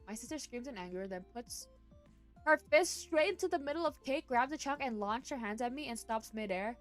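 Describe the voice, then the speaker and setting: A woman streamer reading online posts aloud and reacting to them, breaking into loud cursing outbursts between passages. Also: fairly high pitch, lively intonation, brisk, soft background music.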